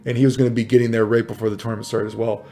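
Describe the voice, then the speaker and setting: A man's voice: on the low side, rapid-fire, soft background music. A man casually telling an old tournament story, swearing a lot and padding it with "dude" and "right?". He acts out the exchanges in exasperated, raised bursts. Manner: profane, animated, full of fillers like "dude" and "right?". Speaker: fighting game player telling tournament stories.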